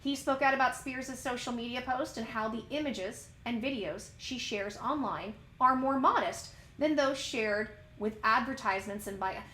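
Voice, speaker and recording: A high, bright woman's voice bounces around an echoey room. She reads out celebrity gossip and then tips into a worked-up, ranty commentary, tossing question after question at her audience. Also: normal speed, few pauses, a little hiss or hum. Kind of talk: news reading turning into a rant.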